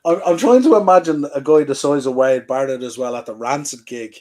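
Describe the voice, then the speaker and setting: A man's voice: medium pitch, a little fast, warm tone. Guy hosting a wrestling podcast, chatty, laughs a lot, lots of ums. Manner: chatty, laughs easily, trails off with fillers. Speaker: podcast host. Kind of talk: casual wrestling chat.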